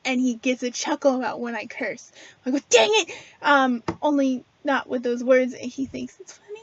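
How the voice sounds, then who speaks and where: A woman with a high, light voice talks casually and earnestly to her viewers, with plenty of ums and restarts. The sound is dry and a little dull, with no room echo. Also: fairly even intonation, moderate pace. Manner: chatty and earnest, many fillers and restarts. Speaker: spiritual video host. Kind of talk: casual spiritual talk to camera.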